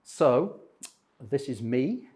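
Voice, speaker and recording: A man's voice: medium pitch, lively intonation, extremely slow, a little mellow, breathy edge. A retired man in his sixties telling humorous, self-deprecating stories about his life to a church group. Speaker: speaker at a men's breakfast.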